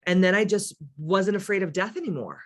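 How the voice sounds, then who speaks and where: A woman's voice: medium pitch, brisk. A middle-aged woman with a smoky voice hosts a casual livestream as a spiritual coach. She answers viewer comments in a frank, playful way, swearing freely and laughing often. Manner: candid and profane, laughs often, playful asides.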